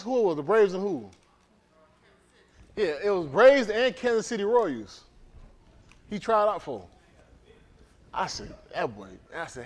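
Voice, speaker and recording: Animated man joking with congregation. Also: high voice, measured pace, pauses often. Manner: teasing, storytelling, animated. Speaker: congregation leader. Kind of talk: casual joking banter before a service. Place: indoor congregation hall.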